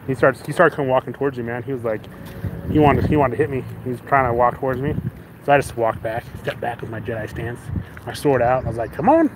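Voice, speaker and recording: A mid-range-voiced male vlogger talks fast over a noisy background as he casually tells a story. He's animated, laughs often, and plays both sides, shouting out the quotes of the people involved.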